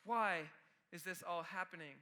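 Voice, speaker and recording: A man's voice: high voice, moderate pace, pushed and bright. A man voicing Job, a grieving, bewildered man, in a strained, pleading voice.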